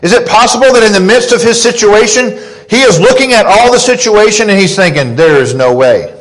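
A man in his thirties preaching a sermon, earnest and deliberate, rising in pitch when he quotes scripture. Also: poor audio. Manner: slow, earnest preaching with emphatic rises on quotes. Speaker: pastor.

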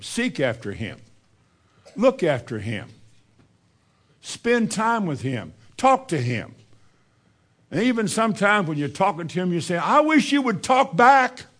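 A man preaching a sermon, asking his listeners questions and moving between loud, raised lines and quiet, hushed ones. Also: on the high side, very animated, unhurried, pauses often.

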